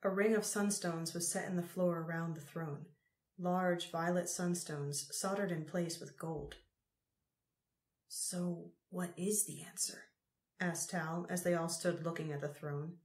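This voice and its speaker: A woman narrating an audiobook in a measured, unhurried way. Her voice sits somewhat low. The recording has a roomy echo around it. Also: fairly even intonation.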